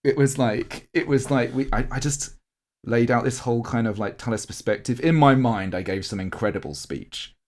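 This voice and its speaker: The man's voice is medium in pitch, a little mellow, with a moderate pace. Co-hosting a podcast, he tears up while telling a long, heartfelt, wandering account of a larp event, peppered with fillers and restarts.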